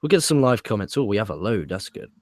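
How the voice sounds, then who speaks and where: A man's voice: fairly low pitch, big pitch swings, fast, no room sound, clean studio sound. A man with a British accent co-hosting a casual wrestling podcast, reading out viewer comments with wry, dismissive asides. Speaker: podcast co-host.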